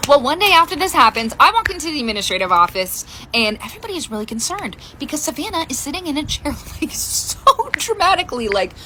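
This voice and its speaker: High, lively mom telling a story. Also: female voice, fast, few pauses, a little hiss or hum. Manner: animated, laughing storyteller. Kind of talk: casual storytime.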